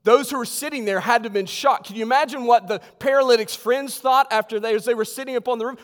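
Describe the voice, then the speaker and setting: A male pastor preaching a sermon in a church, swinging from loud emphatic lines to hushed ones. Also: extremely high pitch, quick pace, hardly any pauses, long reverb tail. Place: church sanctuary.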